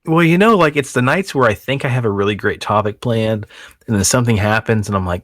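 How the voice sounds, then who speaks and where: A man's voice: lowish voice, fast, fairly bright tone, no echo, studio quality. A man hosting a casual podcast, chatting in a crude, joking way and telling stories. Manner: crude, joking, storytelling with put-on voices. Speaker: podcast host. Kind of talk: casual chat.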